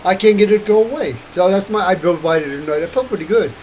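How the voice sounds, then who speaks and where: A man's voice: high-pitched, fast, darkish tone, a little hiss or hum, poor audio. An older man rambling through a late-night monologue, wandering from thought to thought and laughing often. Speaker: vlogger.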